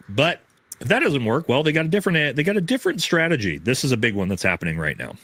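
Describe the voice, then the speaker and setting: Man, political commentary, profane ranting, lively pitch, dry close sound. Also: quick pace, no room sound. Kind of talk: commentary on a clip.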